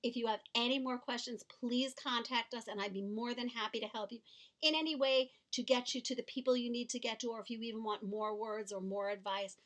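A middle-aged woman with a slightly high voice speaks as a podcast co-host. She tells a personal story in an earnest, heartfelt way, with the small repetitions of unscripted talk. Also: fairly even intonation, brisk, fairly bright tone.

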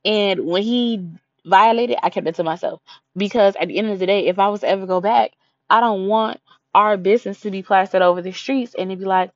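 A woman's voice: medium pitch, a little fast, dry recording. Woman, young adult, blunt, slangy, casual advice monologue, dry, muffled. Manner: blunt, slangy, acts out quotes.

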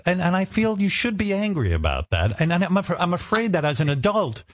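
A man's voice: sits high, very animated, a little fast, dry recording. A man in his sixties hosting an interview, pressing his guest with mock-earnest questions. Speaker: radio host.

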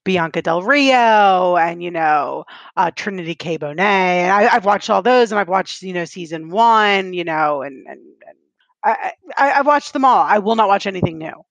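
A woman's voice: fairly low pitch, lively intonation, normal speed, no echo, dull audio. A woman co-hosting a casual podcast, chatty and giggly, with lots of filler words. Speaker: podcast co-host. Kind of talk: casual chat.

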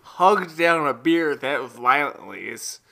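A man's voice: fairly high pitch, expressive, takes it slowly, vocal fry, pushed and bright. A man co-hosting a podcast, joking, teasing and swearing freely in casual chat. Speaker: podcast co-host.

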